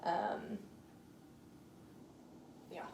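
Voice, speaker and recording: A woman talking through a clinical nerve exam in a hesitant way, with many fillers, in an echoey room. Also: drawn-out words. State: slightly out of breath. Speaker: student doing a clinical neuro exam. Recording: echoey room, faint noise.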